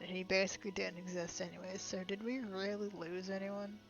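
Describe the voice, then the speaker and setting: A woman's voice: mid-range voice, little pitch movement, a little fast, vocal fry, few pauses, lo-fi sound, soft background music. A young woman streaming a game, reading it aloud and reacting with incredulous, laughing, sweary remarks.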